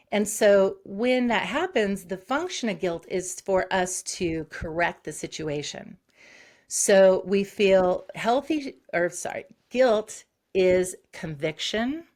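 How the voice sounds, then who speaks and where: A woman psychologist, a guest on an interview show, who explains concepts briskly and acts out short examples. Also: medium pitch. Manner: explains quickly with acted-out examples.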